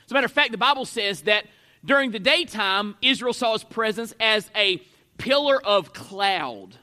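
A man's voice: sits high, expressive, moderate pace, sharp tone. A pastor preaching an expository sermon, a man who leans hard on key words and lets his voice swell and drop for emphasis.

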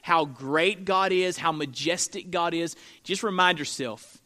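A pastor with a high, bright voice preaches with sweeping dynamics. He builds to loud, ringing declarations, then drops to hushed, intimate lines, and he drives his points home by repetition and by asking the listeners questions. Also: measured pace. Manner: preaching with big swings from loud emphatic peaks to quiet intimate lows; repeats key phrases for emphasis, asks the congregation questions. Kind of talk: sermon.

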